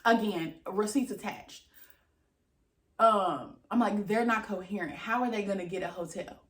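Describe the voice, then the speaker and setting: A woman's voice: medium pitch, measured pace, reverberant. A young woman casually telling an exasperated storytime, acting out quoted dialogue and swearing as she goes. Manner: animated, exasperated retelling with lots of quoted dialogue and cursing. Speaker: vlogger.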